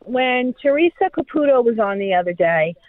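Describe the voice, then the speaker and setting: A woman's voice: on the high side, sing-song, moderate pace, no echo. Woman, heartfelt caller, dry tinny phone line. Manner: earnest, heartfelt.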